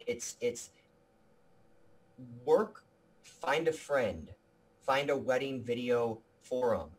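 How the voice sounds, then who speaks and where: A man with a medium-pitched, animated voice speaks slowly in a casual interview about his video production company. He comes across energetic and earnest, frequently restarting his sentences.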